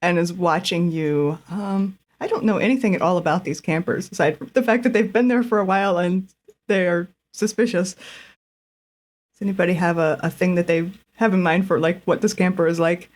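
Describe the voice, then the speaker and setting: A woman's voice: on the low side, normal speed, darkish tone. A woman running a tabletop game, easygoing and asking the players open questions. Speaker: game master.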